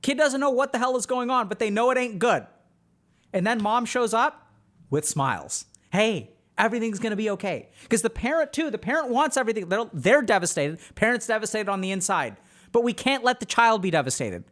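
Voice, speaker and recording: This is a psychiatrist talking through a TV show for an online audience. The delivery is explanatory, and the speaker keeps turning to the viewers to check that they follow. The voice sits at a middle pitch. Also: big pitch swings, fairly quick, a bit bright. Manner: explanatory, addresses viewers directly. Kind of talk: reaction commentary on a TV show.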